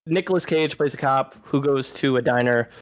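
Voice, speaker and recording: Animated man recapping movies on a podcast. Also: mid-range voice, moderate pace, dry recording, poor audio. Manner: animated, recaps plots with acted-out quotes. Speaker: podcast co-host. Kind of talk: casual film podcast chat.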